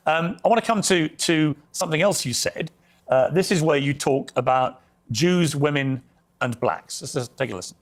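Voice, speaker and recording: A man's voice: on the high side, normal speed. A man hosting a TV interview, asking pointed, pressing follow-up questions. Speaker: TV interviewer host.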